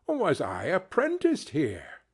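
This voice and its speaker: A man voicing old Scrooge in an audiobook, speaking higher and slower, with emotional exclamations. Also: huge pitch swings, slightly rough, heavily acted. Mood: wistful. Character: old miser Scrooge, stirred and nostalgic.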